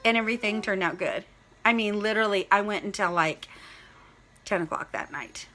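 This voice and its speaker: Middle-aged woman, bright ringing voice, rambling excited vlog chat, greets viewers by name. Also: mid-range voice, moderate pace, a little hiss or hum. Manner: rambling and excited, heavy use of "like" and "literally". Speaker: vlogger. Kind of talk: casual chat to camera.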